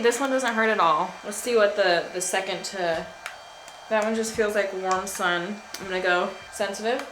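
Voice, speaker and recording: Woman vlogging at home, playful n giggly, bit of room echo and faint hiss. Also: mid-range voice. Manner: playful, giggly, dramatic about pain. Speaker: lifestyle vlogger. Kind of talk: casual chatty vlog.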